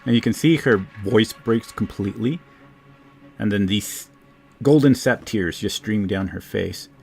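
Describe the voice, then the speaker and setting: Slow, low-voiced male game master. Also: creaky, soft background music. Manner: loose, rambling, fillers and restarts. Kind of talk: tabletop game narration.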